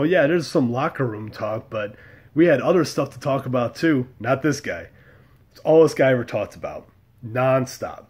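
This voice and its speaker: A middle-aged American man with a mid-range, somewhat dark voice tells a story to the camera like a vlogger. His delivery is blunt and wry, sprinkled with mild cursing, in a casual monologue.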